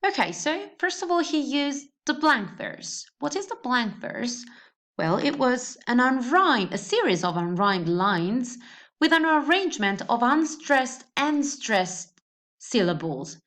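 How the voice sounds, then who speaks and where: Woman explaining verse, slow and careful. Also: high voice, very animated, a bit bright. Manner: explanatory, with fillers and restarts; reads verse slowly to mark the rhythm. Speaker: teacher. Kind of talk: educational video lecture.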